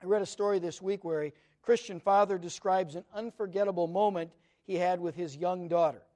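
A middle-aged man with a notably high-pitched voice delivers an earnest, conversational sermon. He speaks as a pastor, weaving personal stories into his teaching. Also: steady tone, a little fast, a little mellow.

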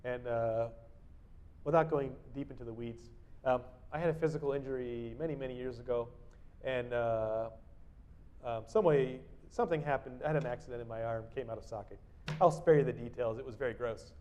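A man giving a devotional sermon. He reads Bible verses with force and then explains them in a quiet, conversational way, often adding tag questions and restarting his sentences. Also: medium pitch, brisk. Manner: reads verses loudly, then drops to quiet personal asides. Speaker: preacher. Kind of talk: devotional sermon with scripture reading.

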